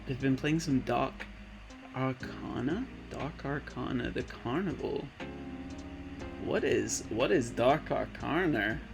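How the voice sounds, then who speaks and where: A man's voice: mid-range voice, slow, vocal fry. A man in his late twenties streaming live, chatting casually and reading viewers' messages aloud in a laid-back, rambling way. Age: late 20s. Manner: laid-back, rambling, reads chat aloud, calls people man and bud. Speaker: Twitch streamer. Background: background music.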